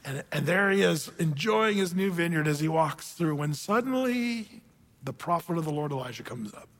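Man, pastor, sermon, animated joking storytelling, high voice, long hall reverb. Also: moderate pace.

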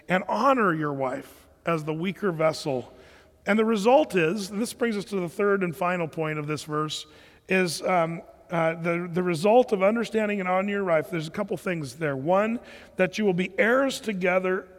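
A middle-aged pastor with a high voice tells stories from the pulpit in a loose, conversational way, often restarting his sentences. His voice carries a long reverb from a church hall. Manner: conversational storytelling preacher, frequent restarts. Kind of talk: sermon.

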